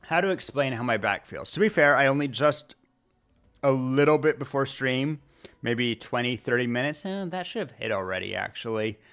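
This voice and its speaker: A male streamer chatting casually, rambling along with pauses and restarts as he talks into his desk mic. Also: medium pitch, lively intonation, a bit bright, clean tone. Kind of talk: casual livestream chat. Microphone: desk mic at streaming setup.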